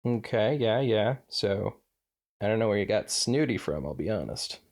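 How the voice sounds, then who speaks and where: A man co-hosting a podcast, reading fan fiction aloud with relaxed chatty asides. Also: lowish voice, normal speed. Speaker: podcast co-host. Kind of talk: casual chat and read-aloud.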